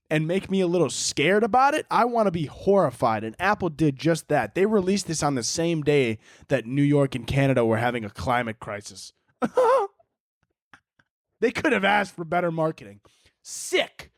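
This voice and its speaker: A man's voice: on the high side, dry recording, clean studio sound. A man hosting a casual solo podcast, rambling and swearing, often laughing and mocking things in silly voices. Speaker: podcast host.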